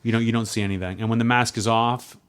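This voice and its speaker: Man, from the US, mid-pitched, dry offhand storyteller, quirky cadence, casual podcast chat. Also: fairly even intonation, quick pace, clear, resonant tone. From United States. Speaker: podcast co-host.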